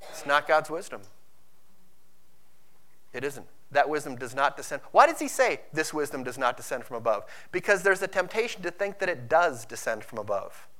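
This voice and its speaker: A man's voice: fairly high pitch, big pitch swings, moderate pace. Man preaching a sermon, rising and falling. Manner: swings from hushed, intimate lines to loud, urgent preaching; quotes scripture and acts out inner voices. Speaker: pastor.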